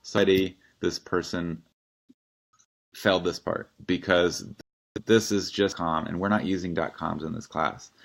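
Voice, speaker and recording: A male teacher giving a casual, wry recorded lecture, critiquing a student essay, often clearing his throat. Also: low voice, fairly even intonation, unhurried.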